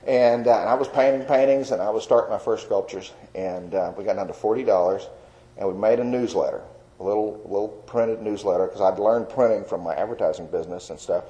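Older male, folksy testimony, lowish mellow voice, dull lo-fi sound. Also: brisk. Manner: folksy storyteller with many fillers. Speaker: Christian artist telling his testimony. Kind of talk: personal testimony.

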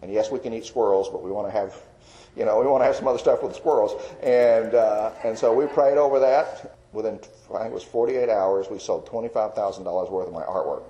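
A middle-aged man from Texas telling his personal faith testimony in a folksy, storytelling way, with frequent restarts and soft chuckles. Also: fairly low pitch, fairly quick, highs cut off. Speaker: Christian artist giving testimony.

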